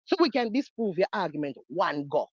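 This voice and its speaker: A woman's voice: fairly low pitch, very animated, brisk, darkish tone, husky, no echo, highs cut off. A Jamaican woman giving heated reaction commentary on a video, mocking and repeating herself.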